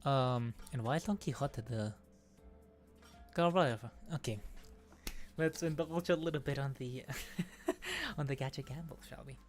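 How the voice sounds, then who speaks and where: A woman streaming a game, chatting excitedly while pulling for rewards, squealing and laughing at good results and muttering when they are bad. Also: rumbling low, normal speed, long pauses, faint music behind. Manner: squealing bursts of excitement, then deflated mumbling. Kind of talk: excited gacha-pull stream chat.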